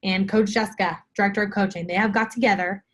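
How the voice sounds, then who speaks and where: A young woman speaks straight to camera in a live motivational video, coaching her weight-loss group. Her voice sits at an ordinary middle pitch, and she talks with emphatic conviction, hammering home short repeated phrases. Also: fairly even intonation, fast, fairly bright tone. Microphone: phone or camera for a live video.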